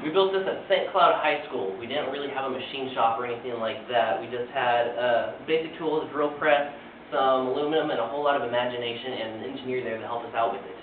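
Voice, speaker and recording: A man's voice: mid-range voice, fast talker, hardly any pauses, a little hiss or hum. Young male student speaker, earnest, filler-heavy, far-off, echoey and tinny recording. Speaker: student giving a class speech. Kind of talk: presentation speech. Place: classroom.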